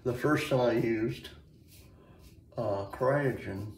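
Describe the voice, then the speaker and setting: A man casually talking through his shave, rambling and halting with lots of fillers and restarts. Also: medium pitch, far from the mic, a little hiss or hum. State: hiccups. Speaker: shaving video host. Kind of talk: casual shaving vlog talk. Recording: echoey room, mic set back.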